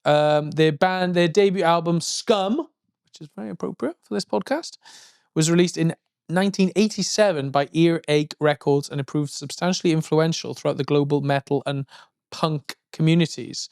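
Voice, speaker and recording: A man co-hosting a podcast, chatting in a rambling, jokey way and breaking into high yelps. His voice sits fairly high, recorded close and dry with no room sound at all. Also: normal speed, creaky, a little mellow, clean tone, no echo. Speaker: podcast co-host. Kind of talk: casual chat.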